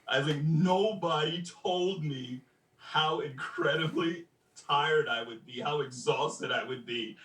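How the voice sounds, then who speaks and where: A man guest on a podcast, telling animated stories of his time as a stage performer, acting out quotes and humming rhythms. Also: fairly high pitch, unhurried. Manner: animated storyteller, acts out quotes and hums rhythms. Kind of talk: casual interview storytelling. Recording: echoey, distant mic.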